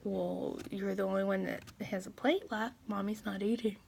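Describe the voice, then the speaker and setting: A woman in her thirties vents to her phone camera in a personal vlog, close to tears and trying to hold it together, laughing between words. Her medium-pitched voice is steady, creaky, and a little mellow at normal speed. Slight background noise can be heard.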